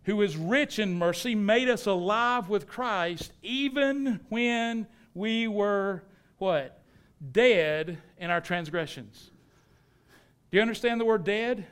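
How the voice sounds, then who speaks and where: A man preaching a sermon, asking the room rhetorical questions, hitting words with sudden emphasis and dropping low and quiet for reflective points. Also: takes it slowly, clean tone. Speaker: pastor.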